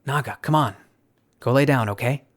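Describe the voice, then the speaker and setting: A man's voice: medium pitch, normal speed, lightly acted. Man doing a frantic young woman. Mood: exasperated. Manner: pleading, exasperated whispers and shouts. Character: young woman, anxious and fiercely caring.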